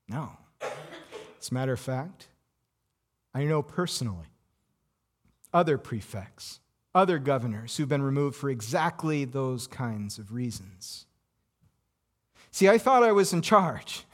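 A troubled Roman governor, as a man acts him out, speaks in a dramatic first-person monologue. He is intense and pushes rhetorical questions at the listener. His male voice sits a little high. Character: anxious Roman governor, a cornered middle-aged man.

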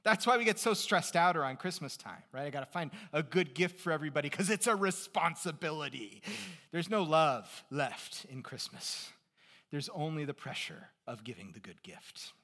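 A middle-aged man preaching a sermon as pastor, conversational, asking rhetorical questions and shifting between quiet asides and emphatic points. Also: fairly high pitch, lively intonation, normal speed.

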